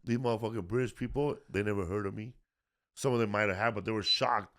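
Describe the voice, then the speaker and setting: A middle-aged man with a fairly low voice, telling road stories at an easy pace. He keeps it loose and profane and drops "bro" all through. It sounds like two friends chatting on a podcast. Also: fast, fairly bright tone. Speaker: podcast host, comedian. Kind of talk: casual storytelling chat.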